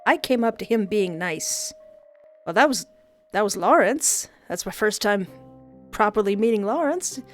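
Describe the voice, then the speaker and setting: A woman's voice: mid-range voice, expressive, a little slow, soft background music. A woman playing a visual novel, reading it out and making playful, joking asides. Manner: playful, joking asides between read-out lines. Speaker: gamer.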